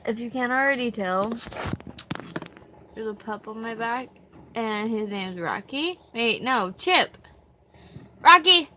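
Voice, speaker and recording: A woman's voice: a little high, unhurried, long pauses, background noise. A young woman chatting casually on a live stream, tired, rambling and self-deprecating, with a dog on her back at home.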